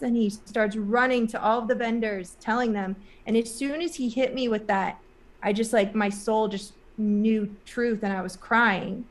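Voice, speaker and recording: A woman's voice: a little high, steady tone, normal speed. Rambling woman telling a story. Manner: rambling, full of "like" and "um" fillers; earnest, emotional retelling. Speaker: interview guest. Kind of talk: casual spoken storytelling.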